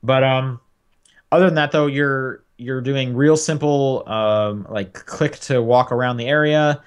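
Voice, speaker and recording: A man's voice: mid-range voice, a little slow, clear, resonant tone. A young man co-hosting a podcast, chatting casually about video games with lots of fillers and restarts. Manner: rambling, many fillers and restarts. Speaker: podcast co-host. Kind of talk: casual game chat.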